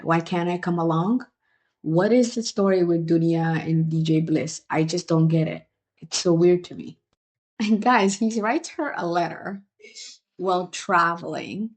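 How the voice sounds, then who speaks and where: A young woman recaps a reality show with lively disbelief and strong opinions, slowing down to lean on the words she stresses. Her voice sits a little lower than most women's. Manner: animated, incredulous, opinionated. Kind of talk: casual review vlog.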